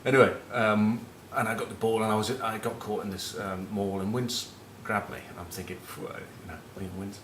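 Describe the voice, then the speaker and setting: A man's voice: on the low side, steady tone, a little fast, few pauses, a bit bright, roomy sound, slight background noise. A middle-aged man from northern England with a Northern English accent, a former rugby captain rambling through cheeky, sweary match talk and anecdotes. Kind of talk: casual rugby chat with anecdotes.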